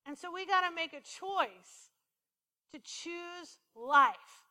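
A woman's voice: very high voice, slow, pushed and bright, in a large hall. A woman preaching a sermon, playful and full of questions to the congregation.

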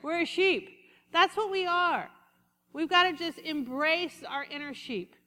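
A woman pastor giving a lively, conversational sermon and calling out to her congregation. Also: extremely high pitch, measured pace, big-room sound. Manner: lively, conversational preaching with congregation call-outs.

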